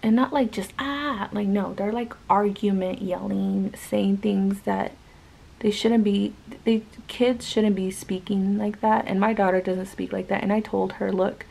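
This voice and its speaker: A woman's voice: medium pitch, steady tone, unhurried, creaky, a little mellow, poor audio. A woman vlogger and mother telling a story in casual chat, rambling with many fillers.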